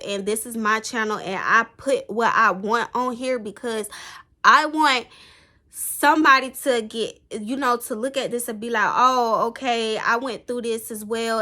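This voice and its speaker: A woman's voice: a little high, bright, forceful tone. A young woman, talking earnestly to the camera in a rambling, emotional personal vlog. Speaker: vlogger.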